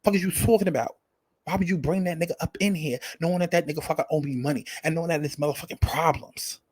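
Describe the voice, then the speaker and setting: A man's voice: a little high, fast, a little mellow, lightly acted. A man voicing a brash, furious New York woman from a reality show, ranting with heavy profanity and street slang.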